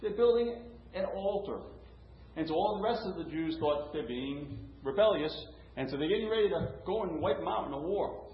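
Male preacher, slightly high voice, conversational sermon, echoey lo-fi recording with faint noise. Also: expressive, moderate pace. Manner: conversational, rhetorical questions, frequent restarts. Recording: roomy, dull, lo-fi with faint hum.

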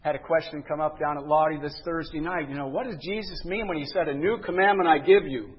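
A man's voice: on the high side, breathy edge, muffled recording. A man preaching a sermon in an earnest way, drawing out the words he wants to stress. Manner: earnest preaching, drawn-out emphasis on key words. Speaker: pastor.

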